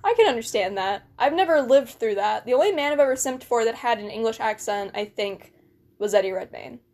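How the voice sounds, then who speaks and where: A woman's voice: on the high side, expressive, brisk, a little mellow. A young American woman in casual chat, blunt and joking, swearing freely. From United States.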